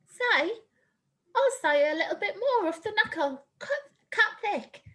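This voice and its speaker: A woman's voice: extremely high pitch, animated, measured pace, fairly bright tone, heavily acted. A woman reading the part of a cheeky, boastful man who banters with the maid. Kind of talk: script read-through.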